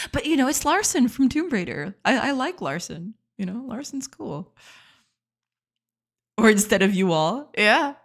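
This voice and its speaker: A woman's voice: fairly high pitch, sing-song, measured pace, long pauses. Giggly woman game-dev streamer. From not from the United States. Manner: giggly, self-deprecating, stammers often. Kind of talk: casual live-stream chat.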